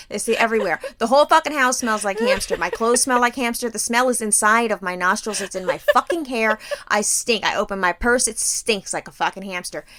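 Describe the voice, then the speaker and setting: A woman in her thirties co-hosting a casual podcast, ranting loudly and profanely with comic exaggeration. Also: fairly high pitch. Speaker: podcast co-host.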